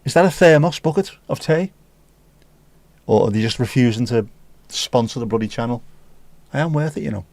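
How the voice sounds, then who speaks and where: A man hosting a relaxed livestream, reading comments aloud with casual, sweary, teasing banter. His voice sits at an ordinary middle pitch. The sound is dry and close, with no room echo. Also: normal speed. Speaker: livestream host.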